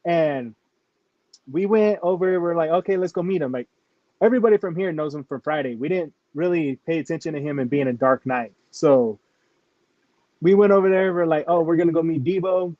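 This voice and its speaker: A man's voice: fairly high pitch, a little fast, no room sound, highs cut off. Man rambling with "like" constantly. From New Mexico. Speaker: interviewed rapper. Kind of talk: casual interview storytelling.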